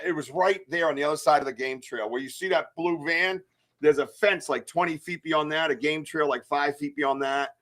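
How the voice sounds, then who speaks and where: Male livestream host, hyper and playful, pitched a little high. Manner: hyper, excitable, joking. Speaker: podcast host. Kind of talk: casual livestream chat.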